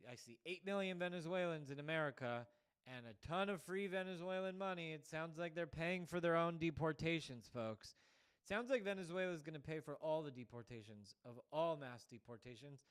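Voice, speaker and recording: A man's voice: a little high, a bit bright, clear, resonant tone. A man hosting a show, giving a rambling political monologue full of "like" fillers. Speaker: show host.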